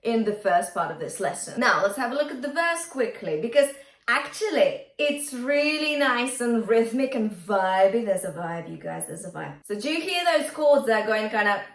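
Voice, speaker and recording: A woman vocal coach talks students through a pop song, her voice lively and swooping as she slips into high sung demonstrations. She coaches in an encouraging, instructive way, and the room around her adds a noticeable echo. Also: moderate pace, recorded from a distance. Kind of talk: singing lesson with sung demonstrations.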